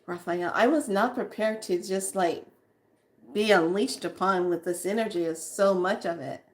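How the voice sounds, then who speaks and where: A woman hosting a spiritual vlog, reading names aloud slowly with breathy exclamations and sudden whoops while she says she is overheated and sweating. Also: lowish voice. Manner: slow, breathy exclamations, bursts of whooping and laughter. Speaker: spiritual vlogger.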